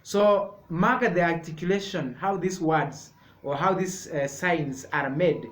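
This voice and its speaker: A man leads a sign language lesson in a slightly raised voice. He talks very slowly, repeating each word as he explains. The echoey room gives his voice a hollow ring. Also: a little high. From Kenya. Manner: slow, repetitive, explaining step by step.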